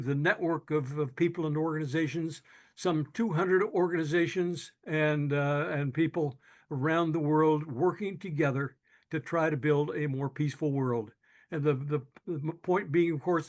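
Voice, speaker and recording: An older man telling a personal story in an earnest, halting way, with frequent restarts, sometimes moved. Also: on the high side, fairly even intonation. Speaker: speaker telling his own story.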